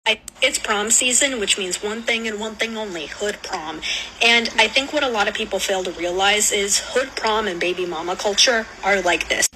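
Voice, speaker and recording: A woman states her opinions in a matter-of-fact way, her voice bright and clear. Faint background noise sits under her speech. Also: medium pitch, moderate pace, low-quality recording. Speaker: video commentator. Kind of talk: opinion monologue.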